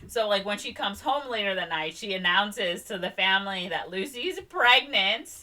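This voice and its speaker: A young woman co-hosting a podcast, recapping a film in casual chat and acting out the characters' lines in quick voices. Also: mid-range voice, lively intonation, sharp tone. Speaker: podcast co-host.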